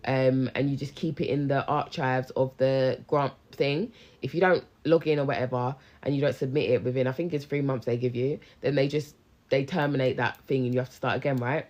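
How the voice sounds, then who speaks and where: A young woman with a low voice chats on a live stream, slangy, lively and thanking viewers as she goes. She talks like a friendly business coach straight into her phone. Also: fairly quick. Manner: chatty, slangy, animated, responds to viewers. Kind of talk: casual live-stream chat. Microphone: handheld phone live stream.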